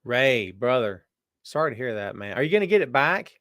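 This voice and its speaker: A man's voice: very animated, a little fast, no echo, studio quality. A man hosting a casual live-stream show, greeting viewers from the chat by name and calling them brother and my friend. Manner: jumps between loud exclamations and low asides. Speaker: podcast host reading live chat.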